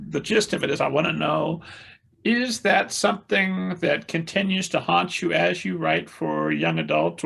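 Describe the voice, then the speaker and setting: A man's voice: fairly high pitch, creaky, fairly bright tone, husky. A man hosting a podcast interview, asking long questions with hesitant fillers and restarts. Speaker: podcast host.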